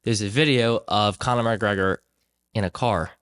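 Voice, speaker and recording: A man's voice: lowish voice, normal speed, clear, resonant tone. Young male host, loose conversational storytelling, voices other people as he goes. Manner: animated storyteller, acts out quoted voices. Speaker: podcast host.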